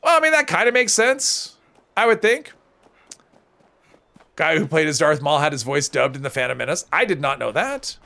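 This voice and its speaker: A man's voice: a little high, big pitch swings, normal speed, gravelly, pauses often, sharp tone. A man streaming a video game, chatting casually with his viewers and rambling, often restarting and correcting himself. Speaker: live streamer. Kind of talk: casual gameplay commentary while reading chat.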